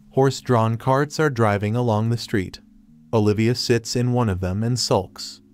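A man narrating a fantasy story recap in a flat, even third-person retelling. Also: medium pitch. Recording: faint music behind. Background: soft background music.

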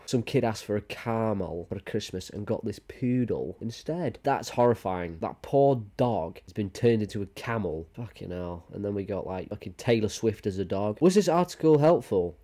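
A man's voice: on the low side, warm tone. A young man giving a crude, rambling, sarcastic comedy reaction commentary. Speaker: YouTuber.

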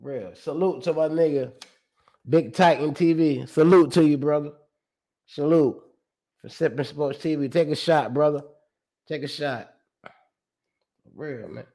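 A man's voice: fairly high pitch, unhurried, long pauses, dark tone. A man hosting his own sports show, talking casually and animatedly, reading out stats with slang, profanity and emphatic repeats.

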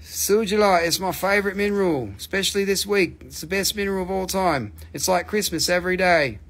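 A man's voice: sits high, brisk, fairly bright tone. A man from the Appalachian region of the US hosts a live mineral sale in a joking, rambling way, cussing freely. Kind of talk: casual live-stream selling.

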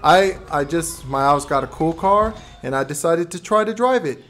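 A man voicing a brash, rowdy young gamer character during a live game stream, shouting boastful trash talk. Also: a little high, expressive, moderate pace, voice pushed down.

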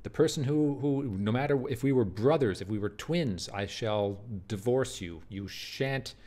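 A man's voice: medium pitch, unhurried, darkish tone, natural voice. A man reading as an angry stern general. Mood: threatening. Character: angry commanding general, middle-aged man.

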